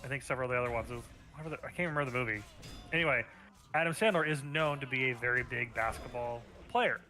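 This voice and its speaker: Bright-voiced man telling a rambling story. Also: medium pitch, fast, soft background music. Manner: rambling, profane, retells jokes. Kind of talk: casual storytelling chat.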